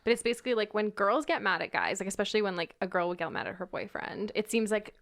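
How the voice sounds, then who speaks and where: A woman's voice: mid-range voice, expressive, fast, fairly bright tone. A young adult woman co-hosting a podcast, telling childhood stories in a chatty, casual way with many likes. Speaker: podcast co-host. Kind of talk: casual chat.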